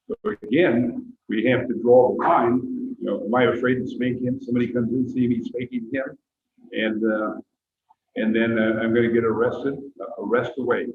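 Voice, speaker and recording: A man's voice: mid-range voice, steady tone, moderate pace. An older man leading a church Bible class and closing in prayer, talking earnestly with many fillers. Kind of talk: sermon-like class talk and prayer. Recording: tinny echoey room recording.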